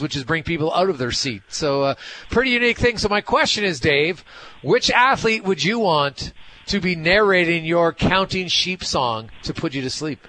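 A man's voice: sits high, fairly bright tone. A man hosting a sports radio show, asking a guest long, upbeat questions.

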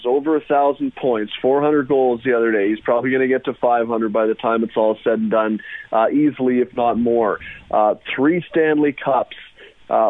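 A dry, tinny phone recording captures a medium-pitched man calling in as a guest to a sports radio show. He rambles excitedly about hockey in casual chat, often restarting.

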